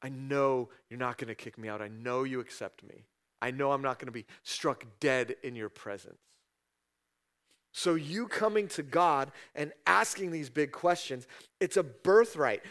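A man preaching a conversational sermon, reading scripture and voicing prayers and God's replies with sudden raised, higher bursts. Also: unhurried, fairly bright tone. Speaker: pastor.

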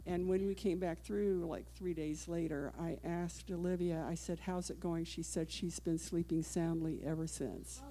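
A woman's voice: fairly low pitch, steady tone, moderate pace, hardly any pauses, mellow, slight background noise. An older woman giving a personal testimony in church, telling the story earnestly and acting out the dialogue.

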